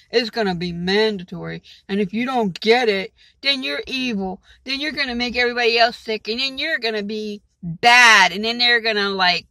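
A woman's voice: on the high side, bright, forceful tone, no echo, rough recording. Exasperated woman venting into her camera. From Maryland, USA. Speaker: vlogger. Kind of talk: casual rambling vlog.

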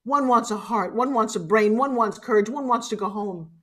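A woman's voice: fairly high pitch, moderate pace, fairly bright tone. A middle-aged woman giving a heartfelt motivational keynote speech, urging her audience and tearful at times. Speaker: motivational speaker. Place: conference stage.

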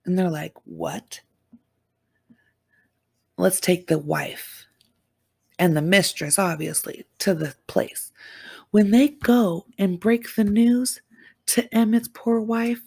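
A woman casually recapping a true-crime episode as a show reviewer, animated and exclamatory with slangy asides. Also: mid-range voice, slow, gravelly, slightly rough.

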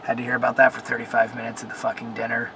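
A man's voice: mid-range voice, monotone, racing, noisy background. A young man venting in a casual vlog, cursing often and rambling with fillers while he sits in his car. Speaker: vlogger. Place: in a car at a car wash.

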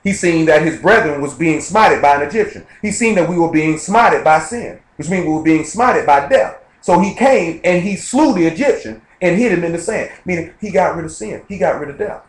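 A man leading an informal Bible study sermon, quoting scripture rapidly and checking in with his listeners. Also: fairly high pitch, expressive. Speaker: preacher. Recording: echoey live-streamed room.

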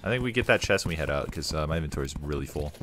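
A young man casually commenting while playing a game, swearing often and breaking into excited outbursts. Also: a bass voice, rapid-fire. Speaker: gaming streamer. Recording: music bed behind voice. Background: soft game music.

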